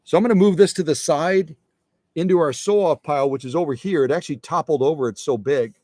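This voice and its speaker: A man's voice: a little high, quick pace, a little mellow, no room sound, clean studio sound. A man hosting a sewing machine live stream in a workshop, chatty and folksy, often repeating his phrases. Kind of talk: casual demonstration talk.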